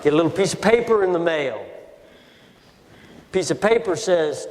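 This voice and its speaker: Older guy with a high voice telling a story to an auditorium crowd, big swings in tone, echoey hall. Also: normal speed, pauses often. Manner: animated, emotional storytelling with sudden shifts. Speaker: speaker addressing an audience. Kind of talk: storytelling speech. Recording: hall reverb.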